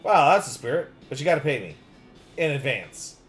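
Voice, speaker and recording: Animated streamer reading out a game, faint music underneath. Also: male voice, medium pitch, a little fast. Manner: playful, animated. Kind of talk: casual game reading and commentary.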